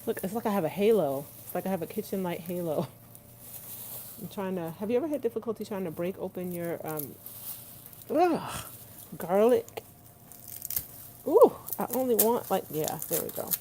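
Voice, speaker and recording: A woman's voice: mid-range voice, lively intonation, normal speed, pauses often, mellow, slight background noise, low-quality recording. A woman chatting casually with her livestream viewers while she cooks in her home kitchen, laughing often and talking to them directly. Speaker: vlogger hosting a livestream. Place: home kitchen, rain outside. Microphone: phone set on the counter.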